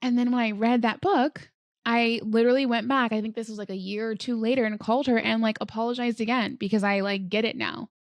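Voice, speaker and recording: A woman's voice: on the high side, brisk, no room sound, studio quality. A woman hosting a solo podcast, talking casually and earnestly about manifesting, with many filler words. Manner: chatty, frequent "like" fillers, earnest. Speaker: podcast host.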